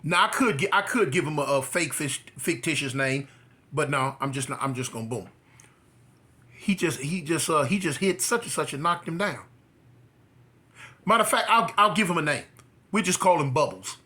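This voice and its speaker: A man from California, a former prisoner, telling his story in a casual way and acting out the dialogue. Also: moderate pace. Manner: animated, acts out dialogue with rising pitch.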